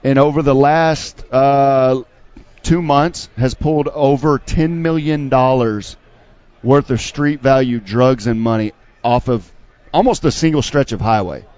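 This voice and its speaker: A man casually explaining, relaxed, with fillers. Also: mid-range voice, a little slow, no room sound. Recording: dry, dull lo-fi sound.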